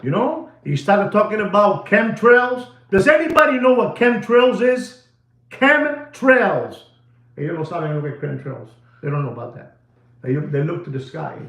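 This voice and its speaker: Guy ranting about watches, keeps repeating himself, pretty high voice, echoey room. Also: lively intonation, moderate pace, creaky, fairly bright tone. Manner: repetitive, emphatic, lecturing. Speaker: watch channel host. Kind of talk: rambling video monologue.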